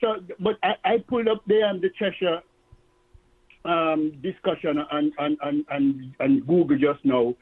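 A man calling in to a radio talk show, speaking haltingly and stammering with many repeated words. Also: a little high, steady tone. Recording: phone line call-in.

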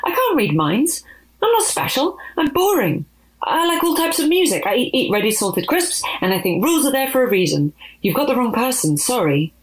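A woman's voice: mid-range voice, expressive, brisk, hardly any pauses, voice pushed up, close to an everyday voice, low-quality recording. A woman voicing a nervous, fussy teenage girl in a storybook reading. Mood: flustered. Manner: flustered, babbling.

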